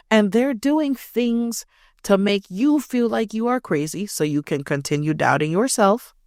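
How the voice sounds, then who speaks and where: A woman's voice: mid-range voice, darkish tone, no echo, studio quality. A young woman hosting a podcast, telling a personal story in a blunt, profane, emphatic way. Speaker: podcast host. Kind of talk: casual storytelling.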